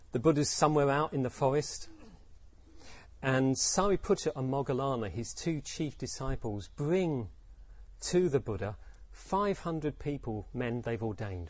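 Casting: male Buddhist teacher, husky, dry close sound, reflective storyteller. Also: medium pitch, lively intonation, a little slow, dry recording. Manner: reflective, poses rhetorical questions, acts out quotes. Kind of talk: Dharma talk with storytelling.

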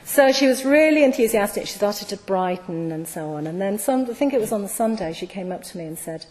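A woman giving a reflective storytelling talk to an audience, hesitant with many ums and soft trailing phrase endings. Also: medium pitch, animated, fairly quick, slight background noise. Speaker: speaker at a Buddhist gathering. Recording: long hall reverb.

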